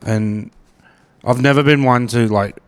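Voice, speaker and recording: A man's voice: medium pitch, fairly even intonation, measured pace, clean tone. A man with an Australian accent, hosting a podcast in casual chat, rambling and often repeating words. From Brisbane, Australia. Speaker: podcast host.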